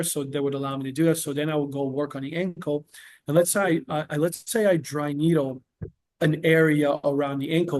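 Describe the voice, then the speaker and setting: A male therapist speaks in a relaxed interview, earnest and patient as he walks through examples. His voice sits a little high for a man. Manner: earnest, explains with patient examples and quoted dialogue. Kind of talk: casual podcast interview.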